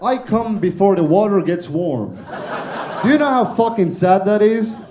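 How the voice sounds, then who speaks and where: A man's voice: sits high, big pitch swings, moderate pace, noisy background. Accented self-mocking stand-up man. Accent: non-native, Eastern European. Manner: crude, self-deprecating, punchy. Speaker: stand-up comedian. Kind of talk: stand-up set. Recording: roomy club stage.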